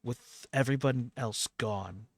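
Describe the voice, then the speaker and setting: Slow gravelly gm guy, lots of uhs, dry sound. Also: mid-range voice, no echo. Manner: halting, with many fillers. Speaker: game master. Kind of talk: narrating a tabletop game.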